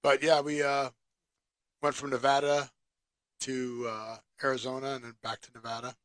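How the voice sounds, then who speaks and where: A man's voice: medium pitch, little pitch movement, moderate pace, fairly bright tone, no echo. A man co-hosting a casual podcast chat, joking around and pressing his co-host with teasing questions.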